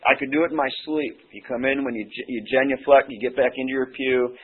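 A hoarse man preaching a sermon as pastor, earnest and halting, with many "uh" pauses. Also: medium pitch, fairly even intonation. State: hoarse, losing his voice. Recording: tinny phone-like sermon recording.

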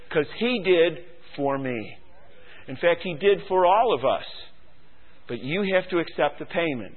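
A man preaching a sermon, swinging from quiet musing to loud, fervent exhortation and firing rhetorical questions at the congregation. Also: on the high side, animated, a little slow. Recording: tinny phone-like radio broadcast.

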